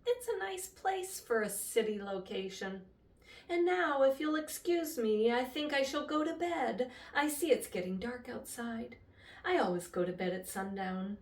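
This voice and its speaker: An older woman voicing a small, gentle female songbird who speaks softly and politely in a storybook reading. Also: fairly high pitch, a little slow, roomy sound, distant mic. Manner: soft, polite and calm.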